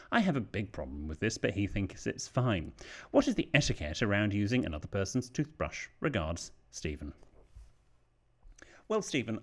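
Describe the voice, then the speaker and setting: Casting note: British male podcast co-host with a lowish, animated voice, reading letters. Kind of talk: casual chat and reading letters aloud.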